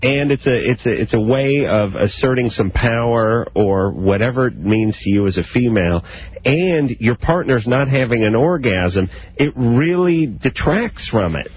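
A man's voice: mid-range voice, lively intonation, moderate pace, slightly rough. A man hosting a call-in radio show, blunt, teasing and crude with his callers. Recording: lo-fi radio broadcast.

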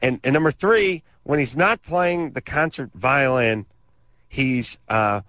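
A man's voice: mid-range voice, slow, a bit bright, no echo. Guy ranting on talk radio, sarcastic and rambling, dry kinda dull studio sound. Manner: rambling, sarcastic, exaggerated rants with crude asides. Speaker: radio show co-host. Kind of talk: comedic storytelling on call-in radio. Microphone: studio microphone.

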